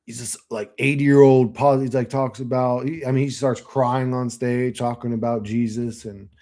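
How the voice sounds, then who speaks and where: Mellow and medium in pitch, this channel host's voice stays fairly flat at a moderate pace. He's a late-thirties Floridian rambling casually through viewer comments, swearing and using fillers throughout.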